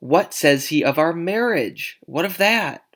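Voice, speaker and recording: A man's voice: fairly high pitch, expressive, a little slow, pitched above the performer's own voice, full character voice. A man voicing Juliet, an impatient young girl, reading her lines aloud with urgent, pleading emphasis. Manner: pleading, urgent, louder than usual. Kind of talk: dramatic read-aloud of a play.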